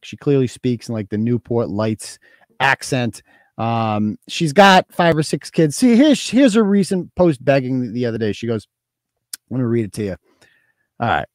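A man's voice: medium pitch, sing-song, moderate pace, no echo. A man hosting a casual livestream, talking in a crude, mocking, profane way. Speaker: host.

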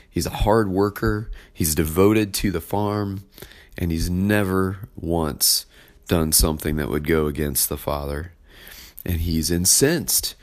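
A man's voice: low-pitched, a little mellow. A male pastor giving a sermon who retells the story in a conversational way, with frequent fillers.

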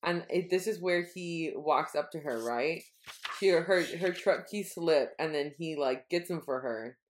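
A woman co-hosting a podcast, chatting casually about a book, animated and laughing, reading passages aloud. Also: low-pitched, measured pace, roomy sound. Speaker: podcast co-host. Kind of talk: casual book-discussion chat.

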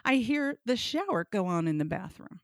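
Casting: woman storyteller, blunt and deadpan, slight fry, dry close sound. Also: medium pitch, moderate pace, no echo. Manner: frank, deadpan delivery with bursts of laughter. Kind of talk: comic personal storytelling.

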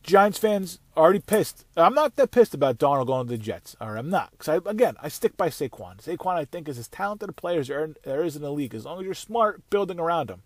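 A man's voice: fairly high pitch, sing-song, quick pace, hardly any pauses, dry recording. Angry swearing man ranting about football. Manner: angry, swearing, rambling with restarts. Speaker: podcast host. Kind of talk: profane sports rant. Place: on the way to work, solo recording.

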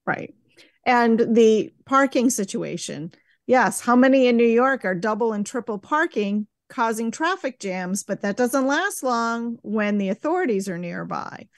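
A woman's voice: a little high, expressive, unhurried, dry recording. A woman interviewer who mostly offers short agreements and brief asides. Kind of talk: casual interview chat.

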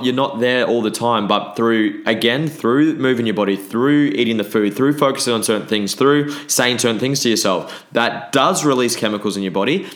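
A man's voice: lowish voice, fairly bright tone. A man, hosting a podcast and talking bluntly in a casual monologue, often swearing. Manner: blunt and frequently swearing, with restarts. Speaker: podcast host.

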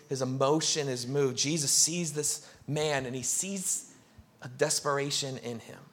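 A male pastor preaching a sermon, telling a story with lively acted-out crowd voices. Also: on the high side.

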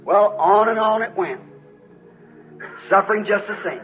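A man's voice: high voice, animated, measured pace, soft background music. A man preaching a sermon and telling a personal story to his congregation, rambling and earnest, calling out to people in the pews. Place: church before a congregation. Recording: dull lo-fi recording.

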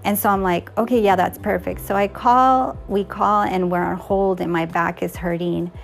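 Woman with a raspy fry voice, chatty storytime, acts out what people said. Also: medium pitch, normal speed, soft background music. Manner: animated retelling, quotes others in dialogue, laughs now and then. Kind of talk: casual storytelling.

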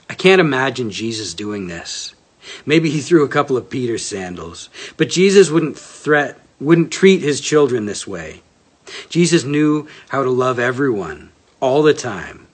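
A man's voice: mid-range voice, a bit bright. Male preacher, mid-range voice, easygoing and sincere sermon delivery. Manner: self-deprecating, conversational, earnest. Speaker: pastor. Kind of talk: casual sermon with a read-aloud passage.

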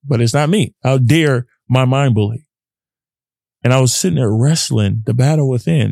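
Gravelly young man rambling on a podcast. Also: medium pitch, expressive, moderate pace, mellow, no room sound, clean studio sound. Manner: rambling, earnest, often acts out his own inner voice. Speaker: podcast host. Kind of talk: casual solo podcast talk.

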